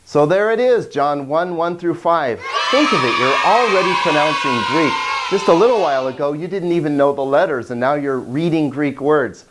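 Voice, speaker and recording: A man teaching a language lesson, reading ancient text aloud phrase by phrase in a slow, deliberate way. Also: on the high side, animated, noisy background. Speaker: Greek teacher.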